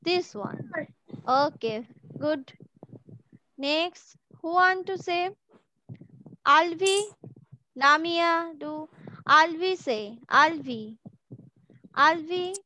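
Patient woman teacher, high and slow, running an online question drill. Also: pushed and bright, muffled recording, slight background noise. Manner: repeats words and questions patiently. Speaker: school teacher. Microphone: video call from home.

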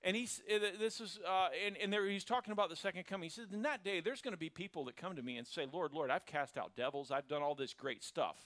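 Bright, animated male preacher. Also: high voice, fast talker, hardly any pauses, dry recording. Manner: animated storytelling, acts out quoted characters. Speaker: pastor. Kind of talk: sermon.

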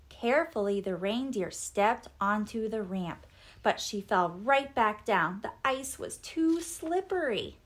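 A woman reading a children's storybook aloud, with expressive, animated narration as the host of the channel. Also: on the high side, a little slow. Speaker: storybook reader.

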